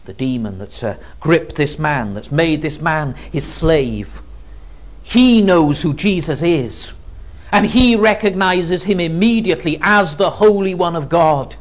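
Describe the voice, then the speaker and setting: A man preaching an expository Bible teaching, emphatic and expressive, with frequent ums. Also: a little high, lo-fi sound.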